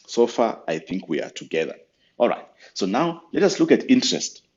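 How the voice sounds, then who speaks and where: A man patiently walking through church finance software step by step, with frequent fillers, in a screen-recorded tutorial. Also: medium pitch, big pitch swings, moderate pace, muffled recording.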